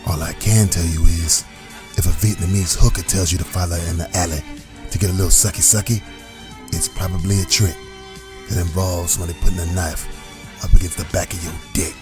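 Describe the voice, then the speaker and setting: A man voicing a grim, boastful veteran army sergeant in a comedy sketch, talking gruffly and slowly. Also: low-pitched, fairly even intonation, over music, natural voice. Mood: grim boasting. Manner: gruff, slow, deliberate war stories.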